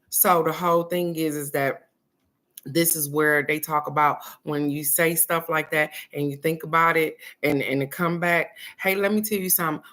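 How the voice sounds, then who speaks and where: A middle-aged woman speaks in a fairly low voice, talking bluntly and preaching her point. She swears freely in casual spoken advice. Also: a bit bright. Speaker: host.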